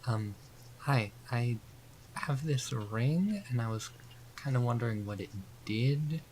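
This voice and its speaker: A man's voice: medium pitch, slow, a little mellow, slight background noise. A man speaking casually and hesitantly as a player in a tabletop game.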